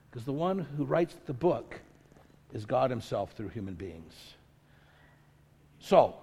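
A pastor with a slightly high, mellow voice gives a sermon in a church sanctuary. His preaching intensifies as he goes, using emphatic repetition to build toward each point, and the recording has a large hall's long reverb.

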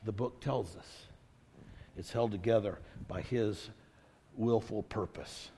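With a voice on the low side, this male pastor takes his sermon slowly against a noisy background. Preaching in a church sanctuary, he builds toward his points through emphatic repetition and climbing intensity. Long, large-hall reverb fills the recording.

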